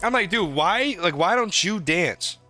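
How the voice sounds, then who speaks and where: Soft music plays behind this podcast co-host, a young man from New England with a high voice who speaks unhurriedly. He swears a lot while animatedly telling stories in casual conversation.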